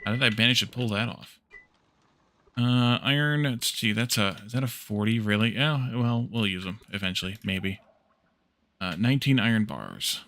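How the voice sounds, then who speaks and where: A man's voice: on the low side, normal speed. A man streaming a building game, thinking aloud as he crafts and chatting back with his viewers. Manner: relaxed, thinks aloud while crafting, reads and answers chat. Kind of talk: casual gameplay stream chat.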